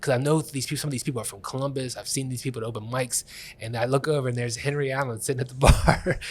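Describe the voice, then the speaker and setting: A man hosting a comedy podcast, telling rambling, animated stories and laughing often. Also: medium pitch, fast talker. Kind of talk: casual comedic storytelling. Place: Columbus comedy scene.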